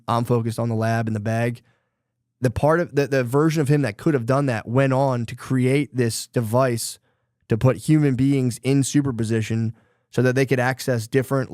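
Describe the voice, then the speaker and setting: Male podcast host, mid-pitched, loose and rambling, salty language, dry close mic. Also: darkish tone, dry recording. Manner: loose, rambling retelling of a book plot, with profanity. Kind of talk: casual chat.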